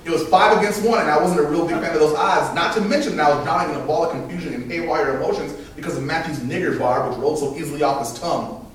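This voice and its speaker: A man in his thirties telling a personal story live at an open mic, animated and laughing between lines, recorded from a distance in a very echoey room. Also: a little high, quick pace. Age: 30s. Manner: animated, laughing between punchlines, acting out voices.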